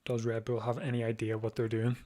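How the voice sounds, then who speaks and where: Man, mid-pitched voice, casual watch-along commentary, sleepy, chatty, restarts sentences. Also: completely flat delivery, dark tone. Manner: chatty, thinks aloud with restarts, quick to laugh. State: sleepy, keeps yawning. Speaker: live stream host.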